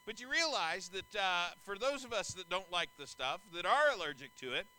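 A man's voice: high voice, animated, normal speed, pushed and bright, rough recording. A middle-aged man preaching a sermon as pastor, telling folksy, anecdotal stories to his congregation.

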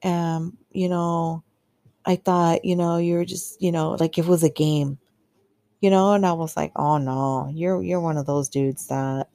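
A woman's voice: low voice, steady tone, unhurried, warm tone, no room sound. A woman hosting a podcast, telling a personal story in a candid, chatty way full of fillers and acted-out quotes. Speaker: podcast host. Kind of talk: casual storytelling monologue.

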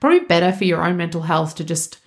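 A woman's voice: lowish voice, lively intonation, quick pace. A woman co-hosting a podcast, chatting casually and emphatically, filling her talk with "like". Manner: chatty, emphatic, frequent "like" fillers. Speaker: podcast co-host. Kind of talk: casual chat.

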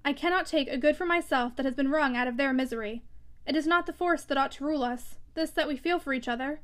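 An anguished young woman pleading with earnest feeling in a classic novel read aloud, voiced by a woman narrator. Her voice rides high and trembles with urgency. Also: quick pace, a bit bright. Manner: earnest, pleading, emotional delivery.

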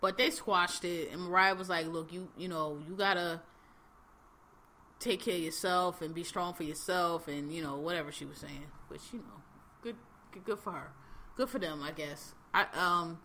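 A woman's voice: fairly low pitch, moderate pace, sharp tone, a little hiss or hum. A woman hosting a podcast, recapping reality TV in a blunt, laughing, slang-heavy casual chat. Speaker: podcast host.

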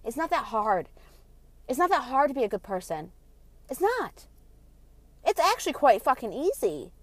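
A woman delivering a heated, profane vlog rant, blunt and passionate, swinging between loud outbursts and quieter asides. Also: sits high, sing-song, normal speed, no room sound. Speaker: vlogger. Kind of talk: ranting monologue.

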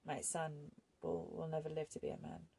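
A woman reading an audiobook voices a calm, resigned young man who speaks softly and never raises his voice. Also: deep voice, normal speed, creaky, slightly rough, exaggerated voice. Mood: sorrowful. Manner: soft-spoken, never raises voice.

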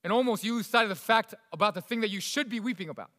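A man preaching a sermon in a fairly high voice. He moves between forceful, raised emphasis and soft, hushed stretches. The sound carries a long reverb, as in a large hall. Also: racing. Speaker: pastor.

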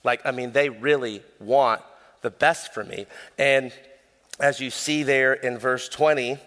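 A young man preaching a sermon as pastor, casual and animated, telling stories with lots of fillers. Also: mid-range voice, measured pace. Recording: long hall reverb.

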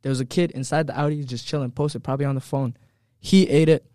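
A young man telling stories in a casual group chat, animated, slangy and profane. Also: medium pitch, fast, no echo, clean studio sound.

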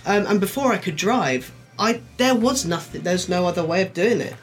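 A man from England in a casual podcast chat, animated and quick to laugh. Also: high-pitched, faint music behind. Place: shed studio.

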